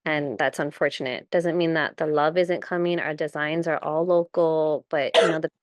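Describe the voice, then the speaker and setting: A woman's voice: deep voice, steady tone, normal speed, dry recording. A woman who works with entrepreneurs, speaking conversationally and loosely in a discussion. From Hawaii. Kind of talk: casual discussion.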